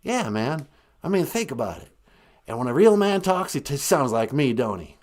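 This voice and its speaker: A man's voice: medium pitch, sing-song, moderate pace, a little mellow, close to an everyday voice. A man doing a comic impression of a brash former president as a folksy redneck caller, with an exaggerated drawl, calling people "man" and "son". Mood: swaggering. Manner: exaggerated folksy drawl, boastful, calls people 'man' and 'son'.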